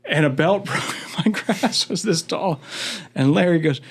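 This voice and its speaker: A man's voice: fairly high pitch, animated, a little slow, creaky, breathy edge. A man from Florida, a guest on a casual podcast, telling folksy, joking anecdotes.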